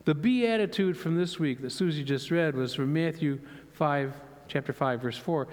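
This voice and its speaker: A man's voice: fairly high pitch, lively intonation, normal speed, few pauses. A man giving a sermon, opening with a prayer and a joke, then speaking openly of his own struggles. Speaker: lay preacher. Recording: long hall reverb.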